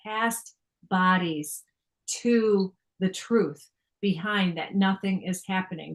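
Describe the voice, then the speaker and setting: A woman's voice: medium pitch, takes it slowly, low-quality recording. An older woman giving a reflective spiritual talk, reading passages aloud and explaining them earnestly, often laughing and restarting her phrases. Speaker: speaker sharing on a spiritual text.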